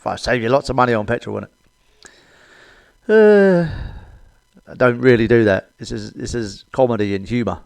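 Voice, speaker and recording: A man's voice: medium pitch, lively intonation, normal speed, vocal fry, pauses often, darkish tone, smooth, no room sound. A middle-aged British man doing a crude stand-up comedy monologue, blunt and cheeky, swearing often. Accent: British English.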